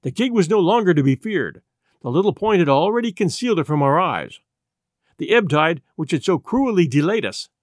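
A man's voice: a little high, no echo. Man narrating a classic novel, dry. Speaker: audiobook reader. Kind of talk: scripted narration.

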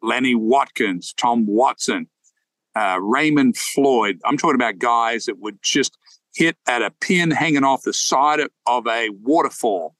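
A man's voice: mid-range voice, a little slow, fairly bright tone, no echo, low-quality recording. A man co-hosting a golf podcast, chatting casually in a playful, storytelling way with frequent restarts. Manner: storytelling, playful, self-interrupting. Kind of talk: casual chat.

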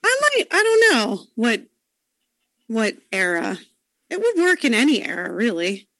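Giggly podcast woman, talks slow and halting, bouncy pitch, dry close sound. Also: huge pitch swings, fairly bright tone, no echo. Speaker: podcast panelist. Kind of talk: casual fan-casting chat.

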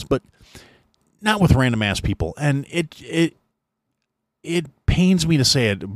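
A man's voice: medium pitch, no echo, studio quality. A middle-aged man hosting a podcast, delivering an angry, sarcastic, profane rant and mocking others in whiny voices. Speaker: podcast host. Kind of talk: profane ranting monologue.

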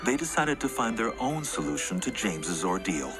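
A man's voice: fairly low pitch, sing-song, normal speed, music in the background. A man narrating a documentary in a scripted, dramatic storytelling way.

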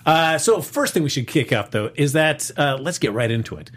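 A man's voice: on the high side, expressive, moderate pace, a bit bright. A man hosting a casual live-streamed movie podcast, chatty, with many fillers and restarts. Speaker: podcast host.

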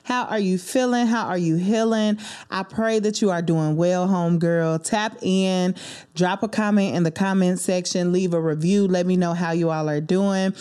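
Emotional woman podcast host, low mellow voice. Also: fairly even intonation, moderate pace, clear, resonant tone. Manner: warm, preachy, emotional, calls listeners baby and homegirl. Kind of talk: faith-based solo podcast talk. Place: recording studio.

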